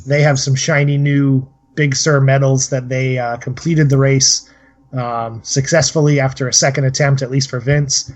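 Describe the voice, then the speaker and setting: A man's voice: medium pitch, little pitch movement, moderate pace. A man co-hosting a casual podcast, talking steadily and rambling with many fillers. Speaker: podcast co-host. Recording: slightly dull lo-fi audio.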